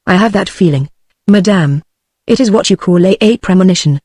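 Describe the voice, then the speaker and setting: A woman's voice: mid-range voice, a little fast, dark tone, breathy edge, dry recording, studio quality, lightly acted. Scared young maid, read by a British synthetic woman, storybook. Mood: frightened. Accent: British English. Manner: plain synthetic reading. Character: frightened young French maid.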